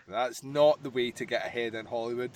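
A man's voice: medium pitch, darkish tone, dry recording. A man doing casual, crude, joke-filled film commentary, laughing often. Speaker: podcast co-host.

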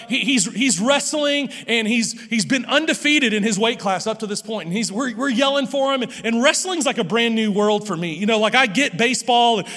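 A middle-aged man, a pastor preaching a sermon. He tells a personal story with many repeated words and restarts, moving between hushed and loud passages. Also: very high-pitched. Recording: long hall reverb.

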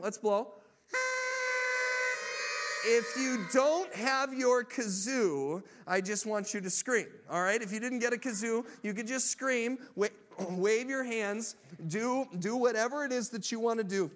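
A man preaching a sermon as pastor, energetic, rallying the congregation and building to loud proclamations. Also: sits high.

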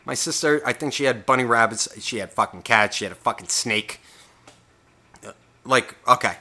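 A man ranting alone into a podcast mic, swearing freely and doubling back on himself as he talks. His voice sits at an ordinary middle pitch. The talk is loose and unscripted, full of restarts and asides. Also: normal speed, long pauses, bright, forceful tone. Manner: profane, rambling, self-interrupting. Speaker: podcast host. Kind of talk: casual solo podcast rant.

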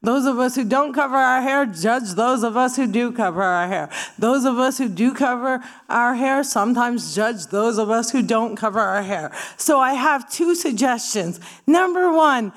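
A woman's voice: on the high side, moderate pace, hardly any pauses. A woman from Palestine doing stand-up comedy, punchy and sarcastic, rising to emphatic bursts. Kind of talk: stand-up talk with audience.

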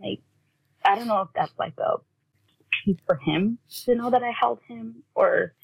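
A woman telling a personal story as an interview guest, in a halting way with many fillers, often acting out what family members said. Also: mid-range voice, creaky, breathy edge. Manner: halting, full of "like", acts out quoted family talk. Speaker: guest, bereaved mother. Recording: tinny phone-like audio.

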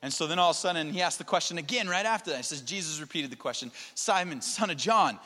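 A man's voice: fairly high pitch, racing, bright, forceful tone, big-room sound. A man preaching a sermon as pastor, talking in an earnest, conversational way. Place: church sanctuary.

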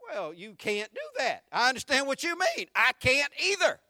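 A man with a high, bright voice preaches to his congregation in a lively, conversational style, full of slang and jokes. He often repeats a word as he gets going. The recording is dry and close, with little room sound. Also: moderate pace, no room sound. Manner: repeats words when starting sentences. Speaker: pastor. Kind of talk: sermon.

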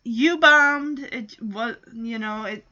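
A woman's voice: fairly high pitch, slow pace, bright, forceful tone. A woman voicing an eager, overconfident young woman who reassures a friend in a chirpy way. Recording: dull lo-fi audio.

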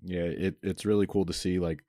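Very deep-voiced young male interviewer. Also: fairly even intonation, brisk, warm tone, no echo, studio quality. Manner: rambling questions with many fillers. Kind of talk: casual interview.

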